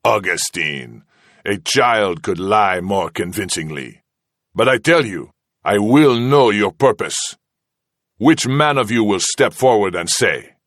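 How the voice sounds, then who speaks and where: A man voicing a cruel captain, slow and cold in his threats. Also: lowish voice, lively intonation, a bit bright, dry recording, studio quality. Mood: menacing. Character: cruel Spanish male captain, menacing and sarcastic.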